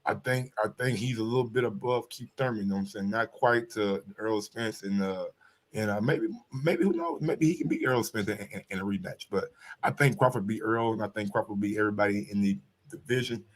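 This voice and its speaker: A man's voice: on the low side, brisk. A man hosting a casual boxing chat, slangy and prone to stammering and repeating words. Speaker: sports show host.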